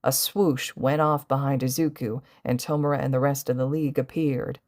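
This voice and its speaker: Low-voiced woman reading a story. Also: steady tone, normal speed, a little mellow. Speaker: podfic reader. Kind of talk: audiobook narration of fan fiction.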